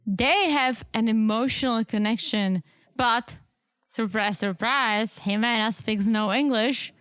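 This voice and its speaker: A woman's voice: a little high, slow pace, a bit bright, no room sound. A woman co-hosting a podcast, chatting casually about a reality show and jumping in with comments. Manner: chatty, laughs, jumps in. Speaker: podcast co-host.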